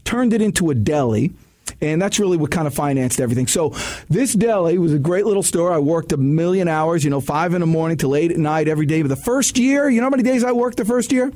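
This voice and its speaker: A middle-aged man speaks with a high voice in a casual radio studio chat. He gives sales advice in energetic, emphatic bursts, often restarting his sentences as he tells stories. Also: fast talker. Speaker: sales coach guest.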